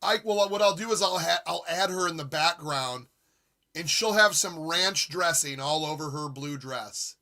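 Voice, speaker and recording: A man in his forties hosting a live gaming stream, chatting casually and reading viewer comments with excitable, jokey humor. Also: on the high side, measured pace. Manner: excitable, jokey, reads chat aloud. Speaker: streamer host.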